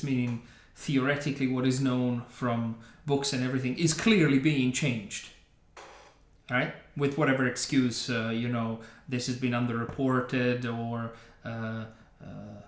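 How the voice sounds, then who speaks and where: A man's voice: medium pitch, normal speed. Sarcastic man ranting in a roomy echo. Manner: sarcastic, scornful, laughs often. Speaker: reaction video host. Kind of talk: opinionated game reaction commentary.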